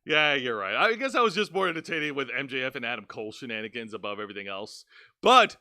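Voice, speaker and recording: A man hosting a casual wrestling review podcast, talking in an animated, jokey, rambling way. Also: mid-range voice, fast talker, no echo, clean studio sound. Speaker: podcast host.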